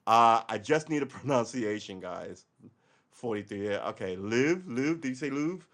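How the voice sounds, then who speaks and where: A man's voice: medium pitch, expressive, moderate pace, a bit bright. A man from Brooklyn, hosting a casual political livestream. He talks in a loose, rambling, profane way. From Brooklyn, New York. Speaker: livestream host.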